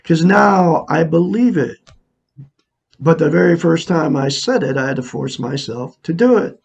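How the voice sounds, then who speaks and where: A man's voice: fairly high pitch, lively intonation, a little slow, creaky, breathy edge. A man in his sixties earnestly talking to viewers in a casual, repetitive, preachy monologue. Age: 60s. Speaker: self-help vlogger. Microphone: camera mic, looking into a mirror.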